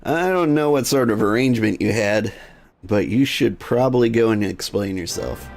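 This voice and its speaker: A man voicing a formal, easily alarmed gentleman whose voice jumps high when startled. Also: moderate pace, soft background music, close to an everyday voice. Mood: flustered.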